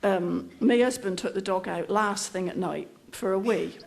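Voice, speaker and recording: A woman's voice: mid-range voice, normal speed, creaky, darkish tone. A middle-aged woman telling a humorous anecdote in a dry, self-mocking, conversational manner. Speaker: comic storyteller. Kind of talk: humorous anecdote told on stage.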